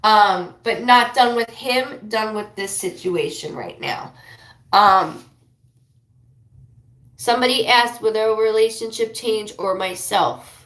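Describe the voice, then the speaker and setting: A woman giving a live psychic reading, rambling and emotional, talking in quick bursts. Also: mid-range voice, a bit bright, reverberant. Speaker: psychic reader.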